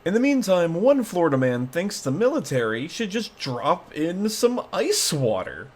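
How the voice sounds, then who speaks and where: A man with a fairly high voice talks casually through a reaction video for his channel. He rambles, restarts and fills gaps with fillers. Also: very animated, a little slow. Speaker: YouTube vlogger.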